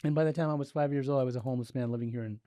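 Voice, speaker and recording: Animated man telling his story. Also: medium pitch, racing, dry recording, clean studio sound. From Southern California, US. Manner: animated, acts out dialogue, frequent "like" and restarts. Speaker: podcast guest, interventionist. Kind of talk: casual storytelling interview.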